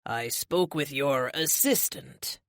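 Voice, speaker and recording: Woman voicing an older man, formal and measured. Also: fairly high pitch, fairly bright tone, no room sound, clean studio sound, pitched below the performer's own voice. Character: older male superhero team leader, composed. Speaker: team leader.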